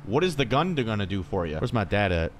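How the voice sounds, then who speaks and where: A man's voice: on the low side, very animated, quick pace, slight background noise. A young man playing a horror game and commentating, jittery, swearing often and talking to himself. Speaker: gaming streamer.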